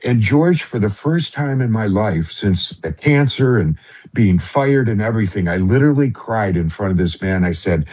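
Husky-voiced man telling a heartfelt story. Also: on the low side, animated, a little mellow. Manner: earnest, halting, with many fillers and restarts. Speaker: radio show guest.

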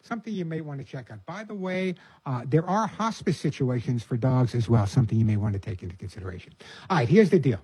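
A man's voice: mid-range voice, lively intonation, fast talker, dark tone, breathy edge, no room sound. An older man hosting a call-in radio show about pets, giving earnest, folksy advice and often repeating words as he starts a phrase. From New York. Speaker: radio pet advice host.

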